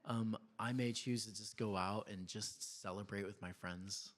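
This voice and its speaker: A man in his thirties preaching a sermon in a church, telling family stories in a conversational, animated way with laughs and quiet asides. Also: lowish voice, a little slow. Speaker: pastor.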